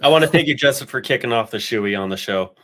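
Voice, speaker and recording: A man co-hosting a podcast, talking in casual banter in an excitable, rambling way. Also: mid-range voice, quick pace. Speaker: podcast co-host.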